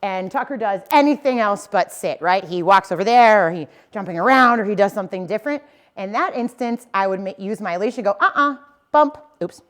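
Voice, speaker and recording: A woman's voice: mid-range voice, a little fast. A young adult woman dog trainer giving a casual, explanatory lesson to dog owners and often checking in with "okay?" and "right?". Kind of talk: instructional talk to dog owners.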